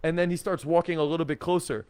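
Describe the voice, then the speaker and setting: A man giving casual dating advice to camera, energetic and blunt, with swearing and lots of 'like'. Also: on the high side, quick pace, clear, resonant tone, dry recording. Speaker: dating coach.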